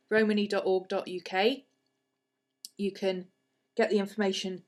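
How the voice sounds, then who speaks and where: A woman hosting a casual live stream from her desk at home, congested with a sniffly head cold and chatting in a rambling way. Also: mid-range voice. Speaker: livestream host and art teacher.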